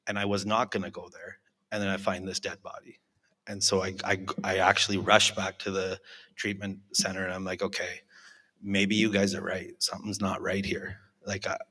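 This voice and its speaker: A man's voice: low voice, bright, forceful tone. A man in his forties giving a candid, self-mocking recovery testimony to a live audience, acting out the people he quotes. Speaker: recovery alumni speaker. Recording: reverberant hall.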